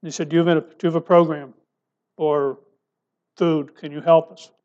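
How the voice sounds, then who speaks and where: A male pastor preaching a sermon, asking rhetorical questions and dropping his voice soft for emphasis. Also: fairly high pitch, flat delivery, normal speed, lo-fi sound.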